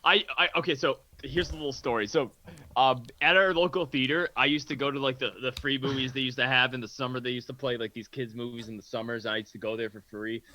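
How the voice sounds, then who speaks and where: Bright, animated young man. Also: mid-range voice, fast talker. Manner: animated storyteller. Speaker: podcast co-host. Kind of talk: casual chat.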